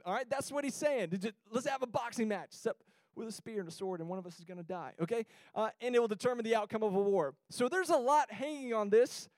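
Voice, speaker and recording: A young man with a fairly high voice tells stories in a sermon to a young crowd. He is animated and slips into the voices of the people he describes. He was recorded close to the mic in a dry space. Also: fast, no echo. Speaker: youth speaker. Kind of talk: storytelling sermon to a young audience.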